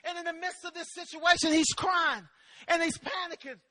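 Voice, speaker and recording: A man's voice: very high voice, fairly even intonation, moderate pace, bright, forceful tone, no room sound. A man preaching a sermon, telling a personal story with emphasis and calling out amen to the congregation.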